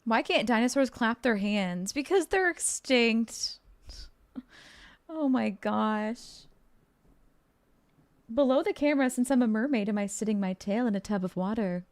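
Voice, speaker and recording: A woman game streamer chatting casually with her viewers while playing, bubbly and excitable, playful and joking. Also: on the high side, a little slow, pauses often. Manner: bubbly and excitable, with gasps and giggles; playful, jokes and role-plays as a mermaid.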